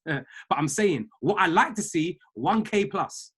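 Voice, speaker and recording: A man's voice: fairly high pitch, big pitch swings, normal speed, fairly bright tone, slightly rough. A man, a trading mentor giving a fired-up motivational talk on a group call, repeating phrases like a preacher.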